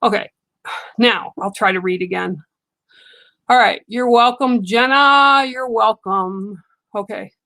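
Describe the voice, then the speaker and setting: A woman's voice: on the high side, takes it slowly, long pauses, bright, forceful tone. An older woman hosting a casual livestream, chatting with viewers and reading cards in a chatty, reassuring way. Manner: chatty, reassuring, talks back to viewer comments. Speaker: livestream reader.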